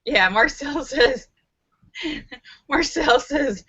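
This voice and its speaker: Bright, chatty woman on a live stream. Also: on the high side, slow. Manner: chatty and animated, giggles often. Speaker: live-stream host reading viewer comments. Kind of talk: casual live-stream chat. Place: room at home by a window. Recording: slightly muffled lo-fi.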